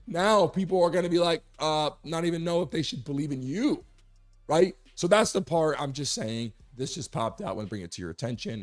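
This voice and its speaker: Hoarse man hosting a lively sports talk show. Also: mid-range voice. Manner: emphatic, conversational, repeats his point to be clear. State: hoarse, recovering from a lost voice. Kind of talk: live sports talk monologue.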